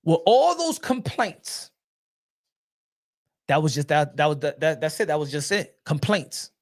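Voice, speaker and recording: A man's voice: a little high, big pitch swings, measured pace. A man hosting a boxing show, ranting casually and profanely, with lots of repetition. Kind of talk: casual commentary rant.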